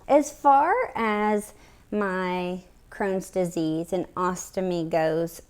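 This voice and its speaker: In a clean-toned, somewhat mellow voice of medium pitch, a woman talks casually to camera in a health vlog. She's short of breath yet open and chatty, using fillers as she goes.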